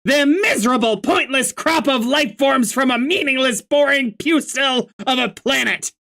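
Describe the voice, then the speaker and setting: A reader voicing a hot-tempered young male troll who shouts and rants in exasperation. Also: high-pitched, normal speed, gravelly, pitched above the performer's own voice, heavily acted. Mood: angry ranting.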